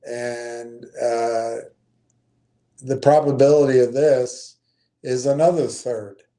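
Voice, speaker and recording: Slow-talking man with a mellow voice. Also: mid-range voice, fairly even intonation. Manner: unhurried, thinking aloud with frequent ums and self-corrections. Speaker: stream host. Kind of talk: casual investing talk, reading out analysis.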